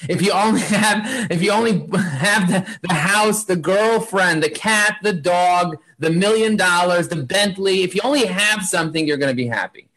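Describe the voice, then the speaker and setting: A man talking as an interview guest in an energetic, preachy, motivational way, driving his points home with repeated lists. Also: high voice, normal speed, hardly any pauses. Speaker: guest, marketing agency founder.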